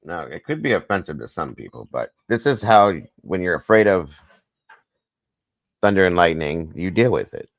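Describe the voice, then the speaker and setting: A man with an extremely deep, low voice hosts a casual morning livestream. He chats and jokes, greeting viewers by name, in a dry, close-sounding room. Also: sing-song, moderate pace, dry recording. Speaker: livestream co-host.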